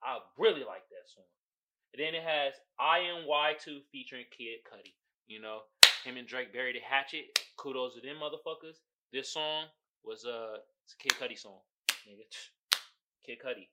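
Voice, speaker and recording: A man's voice: medium pitch, normal speed, heavy background noise. A man hosting a podcast, giving a casual, profane album review and laughing often. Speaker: podcast host.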